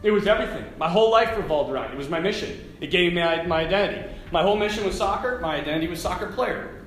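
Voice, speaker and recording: A middle-aged man giving a lively faith talk to a live audience, telling stories and tossing asides to the listeners. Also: high voice, racing, a little hiss or hum. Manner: animated storytelling with asides to the audience. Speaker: Catholic speaker. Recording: echoey hall with faint ambience.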